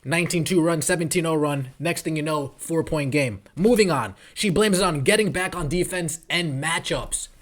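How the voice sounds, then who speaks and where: A male podcast host in full rant mode, swearing freely and dripping with sarcasm. His voice sits a little higher than most men's. He tears into a coach's decisions with rising heat. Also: normal speed, hardly any pauses, a bit bright. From New York tri-state area. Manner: fired-up, profane, sarcastic. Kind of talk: ranting sports commentary.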